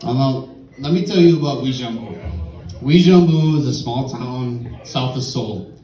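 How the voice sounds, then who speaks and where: A man's voice: mid-range voice, unhurried, mellow, reverberant, far from the mic, rough recording. A tipsy man telling a rambling, profane story in a stand-up set at a comedy club.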